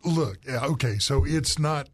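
A man in casual radio banter, measured and explaining at length, on a studio microphone. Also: medium pitch, a little hiss or hum.

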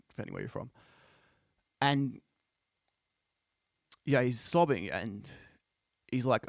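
Gravelly and expressive, this podcast host's mid-range voice moves slowly with long pauses as he retells a story someone told him. He rambles, leaning on fillers such as "you know" and "like," and the studio recording is clean with no room sound.

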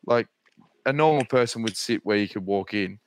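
An Australian man co-hosting a podcast, telling a story in a casual, swearing, animated way. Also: lowish voice, normal speed, a little hiss or hum. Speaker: podcast co-host.

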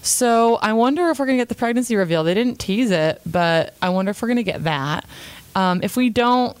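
A woman's voice: fairly high pitch, lively intonation, a little fast, smooth, no echo. A young woman casually recapping a reality episode in a chatty, opinionated way, quoting the cast as she goes. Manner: chatty, opinionated, retells scenes with quotes.

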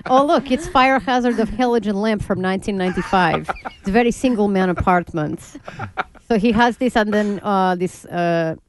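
A woman's voice: medium pitch, moderate pace, slight background noise, voice pushed up, close to an everyday voice. A woman voicing a crude, teasing Russian woman in broken English, telling a bawdy story in a put-on Russian accent on a morning radio show. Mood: bawdy deadpan.

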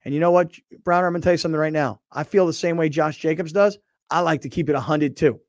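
A man's voice: fairly high pitch, quick pace, no echo, studio quality. A man hosting a sports talk show, opinionated and emphatic in casual chat.

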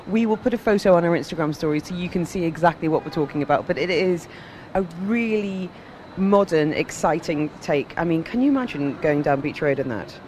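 A woman hosting a live radio chat outdoors at a design event. She is lively and enthusiastic and laughs easily. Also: on the low side, a little fast, a little hiss or hum. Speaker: radio host.

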